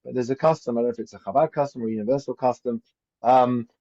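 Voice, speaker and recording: A man's voice: mid-range voice, very fast, warm tone. A man teaching an informal Torah class as a rabbi, chatty and anecdotal, often asking "right?". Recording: dull lo-fi recording.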